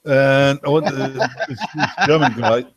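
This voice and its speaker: A man in an online group chat who teases his friends and drifts into a rambling anecdote, pausing on fillers as he goes. His voice is mid-pitched and sounds close and dry, with no room around it. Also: fairly even intonation, dry recording. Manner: teasing, storytelling with fillers. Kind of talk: casual banter in group voice chat. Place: home, online voice call.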